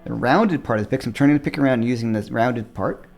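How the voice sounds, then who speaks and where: A middle-aged man teaching a guitar lesson, shifting between louder and softer speech on purpose. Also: quick pace, creaky. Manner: varies loudness and pitch on purpose to show dynamics. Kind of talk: guitar lesson, talking to camera. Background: guitar playing.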